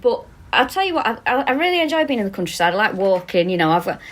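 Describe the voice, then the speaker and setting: A Mancunian woman from England co-hosts a casual comedic podcast, recording remotely over a call from her countryside home. Her mid-range voice moves fast with a little hiss or hum as she chats and tells stories animatedly, swearing plenty.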